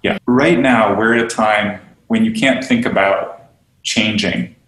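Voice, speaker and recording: A yoga studio owner and teacher trainer appears as a podcast guest, speaking in a lowish, fairly bright voice at a measured pace. Earnest and animated on teaching and belonging, he often acts out the voices of those he quotes, and the recording echoes.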